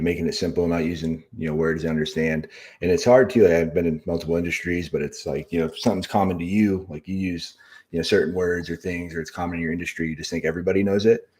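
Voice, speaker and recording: A man hosting a live stream, relaxed and agreeable, reading out viewer comments and chiming in. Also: sits low. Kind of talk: casual live-stream interview.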